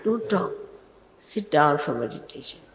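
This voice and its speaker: A woman's voice: sits low, expressive, unhurried. A woman, a spiritual teacher, giving an admonishing sermon to her followers in an old archival recording. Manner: scolding, admonishing, emphatic. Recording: old archival recording with long reverb and faint hiss.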